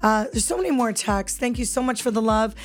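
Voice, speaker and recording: A fairly high-voiced woman hosts a morning radio show from a studio. She is upbeat and chatty, reading listener messages aloud with faint music playing behind her. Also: a little fast. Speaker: radio host.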